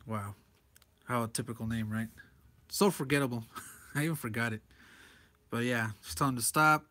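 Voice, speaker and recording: A man's voice: mid-range voice, moderate pace, sharp tone, a little hiss or hum. A man reviewing a comic book page by page in a loose, rambling way, chuckling often as he talks. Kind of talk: casual comic commentary.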